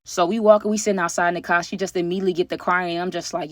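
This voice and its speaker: A young woman, telling an animated storytime to her viewers on a close mic. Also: lowish voice, rapid-fire, dry recording. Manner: animated, addresses viewers as y'all. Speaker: storytime vlogger. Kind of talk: casual storytime.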